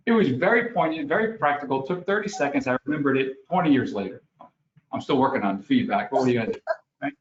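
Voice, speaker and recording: A man from New York with a New York accent, a guest speaker telling lively stories in a webinar talk. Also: brisk, a little hiss or hum. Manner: lively storytelling, acts out scenes with rising pitch. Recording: roomy, dull lo-fi audio with faint ambience.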